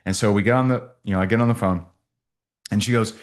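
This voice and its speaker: Male sales trainer, low-ish voice, storyteller who acts out dialogue. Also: fast talker. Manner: storytelling, acts out both sides of calls. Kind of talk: training talk with stories.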